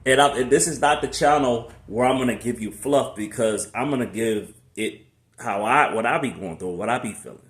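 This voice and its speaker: A man giving a casual, preachy motivational faith talk to his channel in a relaxed conversational way with slangy asides. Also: mid-range voice, normal speed. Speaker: faith vlogger. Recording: echoey room.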